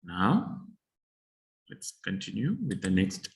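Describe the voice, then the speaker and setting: A man's voice: on the low side, expressive, measured pace, a little mellow. A man teaching a French lesson: he reads French lines aloud, then translates and explains them in English. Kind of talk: bilingual language lesson. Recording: echoey room.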